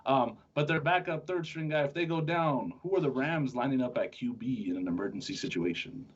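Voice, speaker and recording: A man's voice: mid-range voice, expressive, fairly quick, husky. A man hosting a sports podcast, chatting casually and joking with his co-host, often restarting his sentences. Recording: dull lo-fi sound.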